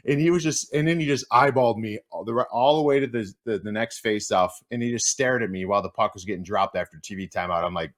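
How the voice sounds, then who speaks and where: Animated storytelling man, hockey analyst. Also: fast talker. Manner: animated, acts out quotes with big pitch jumps. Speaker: guest, hockey analyst and former player. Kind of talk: casual interview storytelling.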